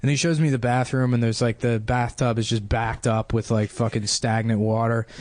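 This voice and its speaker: A man's voice: mid-range voice, level tone, moderate pace, darkish tone, no echo. A young man hosting a podcast, telling a long crude story in a rambling way, full of fillers. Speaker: podcast host. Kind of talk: casual storytelling.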